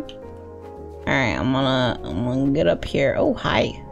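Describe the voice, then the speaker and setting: A woman streamer giving casual game commentary, excitable and playful, squealing at cats and swearing when things go wrong. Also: rumbling low, slow pace, gravelly, faint music behind.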